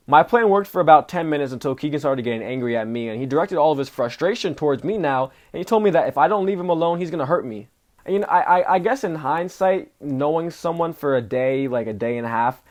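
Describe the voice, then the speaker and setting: A young man vlogging, telling a story in a casual, animated way with lots of slang. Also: mid-range voice. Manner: animated, slangy, says "bro" often. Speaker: travel vlogger.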